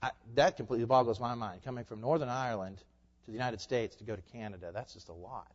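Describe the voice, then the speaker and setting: A man's voice: medium pitch, quick pace. A man preaching a sermon in a church, pressing his listeners with rhetorical questions. His voice carries a long hall reverb, and the recording sounds a little dull. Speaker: pastor. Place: church sanctuary.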